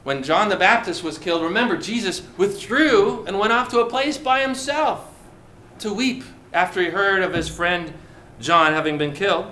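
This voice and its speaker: A pastor preaching a lively sermon to his congregation, drawing out key words slowly and joking with the listeners. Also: high voice.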